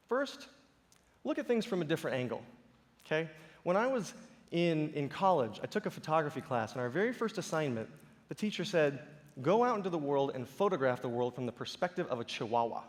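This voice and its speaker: A man's voice: fairly high pitch, big-room sound. A man giving a conference talk to a live audience, telling stories animatedly with playful impressions. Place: large auditorium stage.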